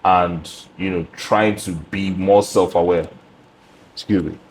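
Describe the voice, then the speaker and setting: A young man hosting a podcast, talking about himself in a reflective, measured way with frequent ums and restarts. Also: sits low, fairly even intonation. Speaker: podcast host. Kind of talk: casual interview chat. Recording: faint background noise.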